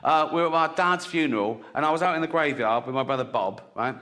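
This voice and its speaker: An English man doing stand-up comedy on a theatre stage in a conversational style, often adding "right?" and jumping into high, laughing voices. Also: quick pace, bright, forceful tone. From England. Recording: live hall with audience.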